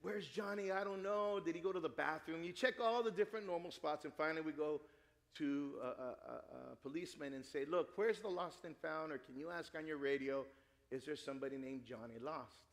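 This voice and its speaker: A middle-aged man preaching a sermon, telling a family story with lively acted-out dialogue. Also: a little high, a little fast. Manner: animated storytelling, acts out dialogue. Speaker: pastor. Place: church sanctuary. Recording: long hall reverb.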